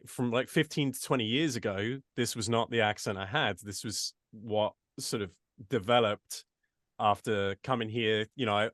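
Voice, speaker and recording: Chatting loosely as an interview guest, a US-born voice actor with an English accent often restarts and wanders into asides. His voice is on the low side and a bit bright. The studio sound is clean, with no room sound.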